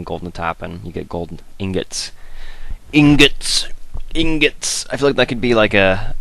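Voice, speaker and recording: A man with a low, gravelly voice talks through his gameplay in a loose, rambling way. He thinks aloud, drifts into wry little asides and keeps the tone of a relaxed let's-play commentary.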